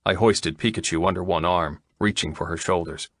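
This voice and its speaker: A man's voice: low voice, steady tone, moderate pace, no room sound, studio quality. A man narrating a humorous romance audiobook in the first person, with a wry, cocky delivery.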